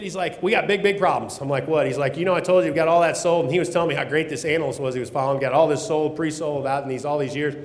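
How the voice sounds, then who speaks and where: A man delivers a blunt, folksy conference talk with the odd curse word. His voice sits a little high for a man. The sound rings around a large hall with a long, roomy reverb. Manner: blunt, folksy, mild swearing. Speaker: keynote speaker on grain marketing.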